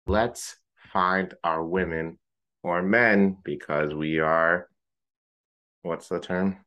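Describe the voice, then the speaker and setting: A man co-hosting a podcast, telling a story in casual chat, animated, swearing freely and mimicking friends in high joking voices. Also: very slow, muffled recording. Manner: swears casually, uses gamer slang. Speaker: podcast co-host.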